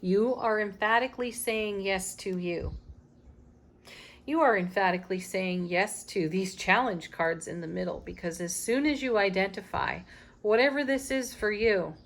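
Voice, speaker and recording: A woman's voice: mid-range voice, normal speed. A woman giving a daily tarot reading, speaking emphatically with spiritual encouragement and small laughs. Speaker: tarot reader.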